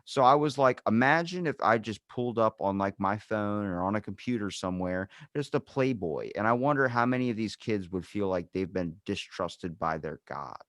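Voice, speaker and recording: Low-voiced laid-back male guest. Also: expressive, normal speed, hardly any pauses, a bit bright, no room sound, clean studio sound. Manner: laid-back storyteller, profane. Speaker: podcast guest. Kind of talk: casual chat.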